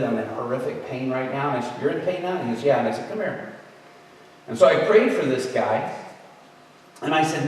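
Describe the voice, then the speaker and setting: A man telling a story in a sermon, in a conversational, animated way. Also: on the high side. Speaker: guest preacher. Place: large echoey hall. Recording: echoey hall, distant mic, faint noise.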